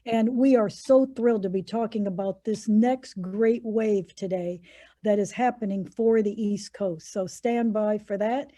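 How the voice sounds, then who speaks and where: A woman's voice: mid-range voice, dark tone. A woman moderating a virtual panel, talking in an enthusiastic, upbeat way. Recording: dull lo-fi video call audio.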